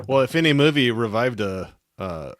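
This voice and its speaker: A man's voice: mid-range voice, big pitch swings, a little slow. A man co-hosting a podcast in easygoing casual chat, chuckling often. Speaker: podcast co-host.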